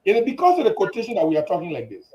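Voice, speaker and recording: A man's voice: high voice, huge pitch swings, rapid-fire, darkish tone, slight background noise, low-quality recording. A man, giving his political views on a talk show and often stumbling over repeated words. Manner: hesitant, repeats words while searching. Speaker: guest commentator.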